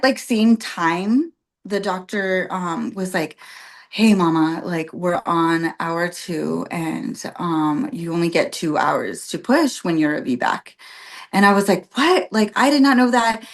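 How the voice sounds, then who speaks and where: A woman guest on a podcast telling her birth story in casual chat, with many fillers like "like" and "um", acting out what others said. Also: on the low side. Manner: chatty, full of "like" and "um", acts out quoted voices.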